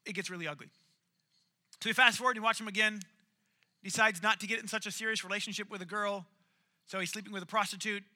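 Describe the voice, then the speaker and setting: A man preaching a sermon, retelling a story in an animated, jokey way. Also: high-pitched.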